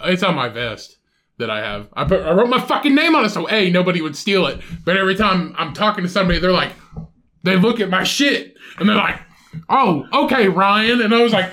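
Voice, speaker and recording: A man co-hosting a casual podcast, venting in a bright, high voice full of cursing. His pitch swings widely as he rants. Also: animated, fairly quick. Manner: ranting, heavy swearing. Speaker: podcast co-host.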